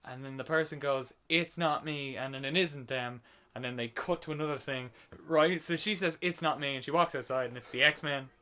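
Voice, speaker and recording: Animated man ranting about a movie. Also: a little high, normal speed. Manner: animated retelling, swears when ranting. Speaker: podcast co-host. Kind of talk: casual movie review chat.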